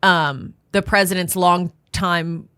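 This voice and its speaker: Young woman cohost, bright sound, animated storyteller in a dry studio. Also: lowish voice, slow pace, clear, resonant tone, no room sound. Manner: animated storyteller, jumps into quoted voices. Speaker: podcast co-host. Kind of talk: casual chat. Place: podcast studio. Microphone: studio mic.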